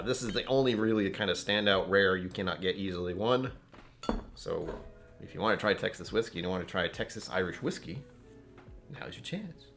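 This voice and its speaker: A man's voice: fairly low pitch, gravelly, a bit bright. A man hosting a casual whiskey tasting live stream from home, rambling and joking as he chats with viewers. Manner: rambling, joking, self-interrupting. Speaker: whiskey channel host.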